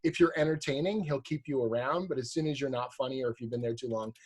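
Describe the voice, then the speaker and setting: A man, a guest author on a podcast, telling animated anecdotes in casual chat. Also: mid-range voice, fast talker, breathy edge. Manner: animated storyteller, acts out voices in quotes.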